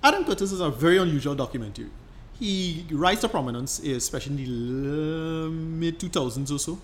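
A man's voice: on the high side, lively intonation, a little fast, slight background noise. Rambling man explaining casually. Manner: rambling, restarts often, enthusiastic explainer. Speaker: podcast co-host. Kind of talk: casual chat.

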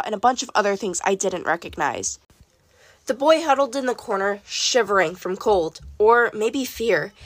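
A woman narrating an audiobook in an expressive, lively first-person storytelling manner. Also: mid-range voice, no echo. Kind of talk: audiobook reading.

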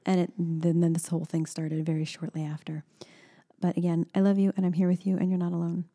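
A woman's voice: on the low side, monotone, fast talker, warm tone. A woman speaking earnestly and supportively in a candid personal conversation, with frequent restarts. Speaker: co-host.

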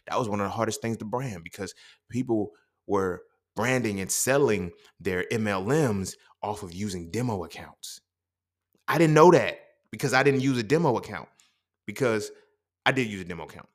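A young man hosting a casual podcast monologue, swearing freely and acting out quoted dialogue in his stories. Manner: profane, streetwise storytelling with quoted dialogue; animated, jumps up in pitch when quoting. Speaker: podcast host.

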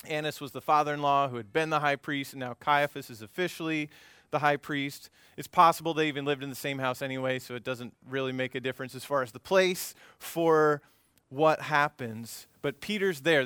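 A man preaching in a church, his voice bright and forceful with a smooth, clear ring and a slightly high pitch. He tells the story in a relaxed, conversational way, turning to the congregation with asides and humor. The sound is close and dry. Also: no echo. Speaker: pastor. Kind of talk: conversational sermon. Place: church service before a congregation.

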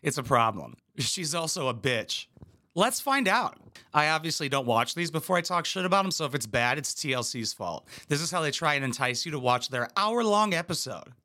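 A man rants through a crude comedy reaction, sarcastic and full of swearing. His voice is bright and edgy, sitting a bit high for a man and swooping all over as he mocks what he watches. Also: very animated, a little fast. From United States. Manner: profane, sarcastic, mocking. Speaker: commentary YouTuber.

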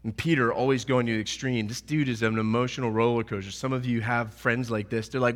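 A man preaching a sermon as pastor, earnest and animated, acting out the quotes in his story. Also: mid-range voice, moderate pace, in a large hall.

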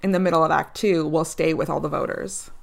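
A woman's voice: low-pitched, fairly even intonation, brisk, gravelly. A young woman co-hosting a podcast, chatting with enthusiasm and frequent laughter. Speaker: podcast co-host. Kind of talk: casual chat about theater awards.

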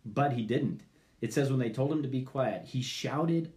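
A pastor with a mid-range voice preaches a sermon a little fast. He's animated, acting out the people in his story with loud pleading cries and quiet muttered asides.

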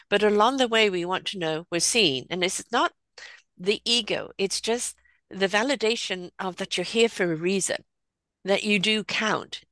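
A woman's voice: mid-range voice, a bit bright, no echo. A woman hosting an interview, affirming and reflective. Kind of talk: casual interview.

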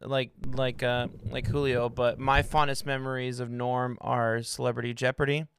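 Laid-back man with a gravelly voice. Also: mid-range voice, level tone, normal speed, fairly bright tone, slight background noise. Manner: laid-back, rambling with many fillers. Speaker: podcast co-host. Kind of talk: casual sports podcast chat.

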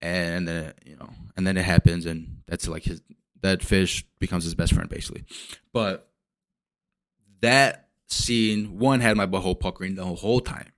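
A man hosting a podcast, recapping a movie in a casual, rambling way, swearing often and acting out characters' lines in quick asides. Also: low-pitched, fairly even intonation, fairly bright tone. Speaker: podcast host.

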